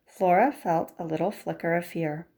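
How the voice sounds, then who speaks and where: A woman narrating a novel aloud in a measured storytelling manner. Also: on the low side, mellow. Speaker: audiobook narrator. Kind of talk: scripted narration.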